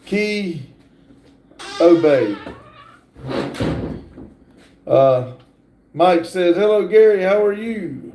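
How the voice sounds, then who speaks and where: A man hosting a casual livestream, reading viewer comments aloud in a halting drawl from a garage workshop. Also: sits high, dark tone, reverberant, a little hiss or hum, rough recording. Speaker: livestream host reading chat.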